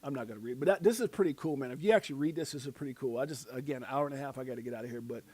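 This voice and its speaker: A male livestream host with a mid-range, mellow voice talks rapid-fire on a casual stream. He rambles and pokes fun at himself, dropping slang as he reads out quotes and headlines.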